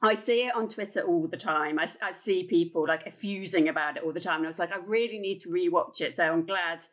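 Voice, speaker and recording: Lower-voiced woman guest on a lo-fi line. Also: fast. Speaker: podcast guest. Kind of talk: casual film podcast chat.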